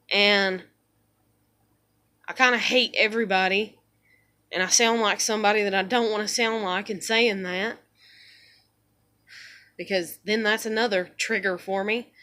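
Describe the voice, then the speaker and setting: A woman's voice: medium pitch, pushed and bright. A woman venting in a blunt, profane, rambling monologue at home, a mother and vlogger.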